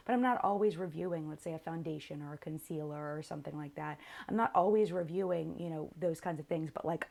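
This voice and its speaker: A young woman hosting a live makeup chat with viewers, tired and low on energy, rambling and often interrupting herself. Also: creaky. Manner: scattered, rambling, self-interrupting. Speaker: beauty channel host.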